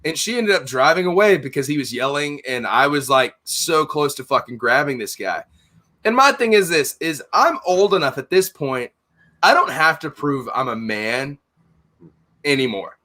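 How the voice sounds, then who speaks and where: A man's voice: on the high side, sing-song, normal speed, sharp tone. Blunt, foul-mouthed middle-aged man. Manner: blunt, heated, swears constantly, acts out both sides of arguments. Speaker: podcast host, store owner. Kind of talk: casual profane storytelling.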